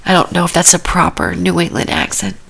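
A woman's voice: lowish voice, big pitch swings, brisk, creaky, fairly bright tone, breathy edge. A woman podcast host giving comedic commentary on a cooking show, with dry, rambling asides that often drop to a whisper.

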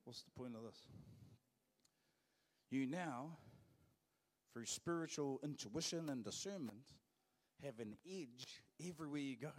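A man with a New Zealand accent, a pastor preaching a sermon in a casual, emphatic way, repeating his phrases for stress. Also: medium pitch. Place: church auditorium. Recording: long church hall reverb.

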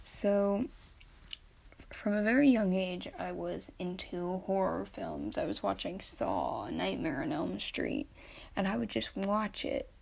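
A woman's voice: mid-range voice, lively intonation, slow, vocal fry, darkish tone, husky. A young woman hosting her first podcast, sounding a bit nervous and earnest. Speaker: podcast host. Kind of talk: casual solo podcast intro.

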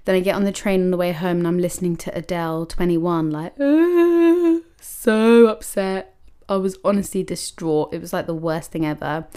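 A woman's voice: lowish voice, fast, hardly any pauses, smooth. Chatty woman telling a story. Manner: animated, many likes and quoted self-talk. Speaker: podcast host. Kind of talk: personal storytelling.

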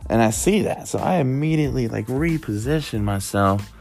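A man vlogging, telling a rambling, profane story in a casual, animated way. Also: medium pitch, normal speed, creaky, soft background music. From Worcester, Massachusetts.

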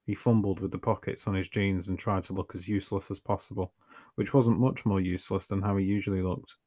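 A man's voice: sits low, steady tone, a little fast, mellow, no room sound. A man reading a story aloud with dry, wry, profane humour. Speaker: narrator.

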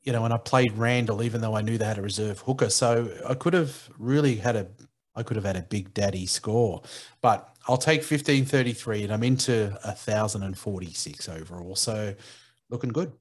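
A man's voice: lowish voice, a little fast. A man, a guest on a sports podcast, talking confidently and casually with the odd swear word.

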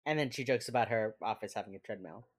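A young woman with a deep voice hosts a casual podcast. She recaps a show in loose, filler-heavy chat and breaks into laughter as she quotes the characters. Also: fast. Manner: chatty, lots of fillers, acts out quotes with laughs. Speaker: podcast co-host recapping a TV episode.

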